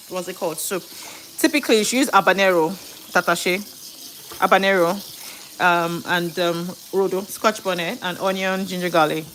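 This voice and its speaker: A middle-aged woman talks her viewers through a live home-cooking session. She chats easily at a mid pitch, thinks aloud and fixes her own words mid-sentence. Faint noise sits behind her voice. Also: a bit bright. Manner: chatty, thinks aloud, self-correcting. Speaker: home cook and live streamer. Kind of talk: casual live cooking chat. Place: home kitchen.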